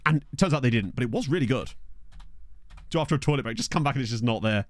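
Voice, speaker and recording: Lively man chatting to viewers. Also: medium pitch, fast talker, no room sound. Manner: animated, rambling storyteller who laughs often. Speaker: streamer playing a football management game. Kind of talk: casual chat with live viewers. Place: small bedroom. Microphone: desk USB microphone.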